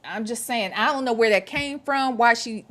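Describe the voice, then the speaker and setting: A woman's voice: a little high, normal speed, fairly bright tone. Sassy woman hosting a livestream. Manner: sassy, emphatic, slangy talk with playful repetition. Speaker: show host. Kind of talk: casual commentary livestream.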